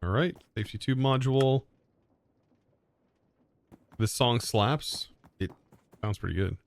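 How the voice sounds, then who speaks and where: A man's voice: medium pitch, unhurried. A young man streaming a game live, thinking aloud in a hesitant way and often correcting himself mid-sentence. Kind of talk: live gameplay commentary.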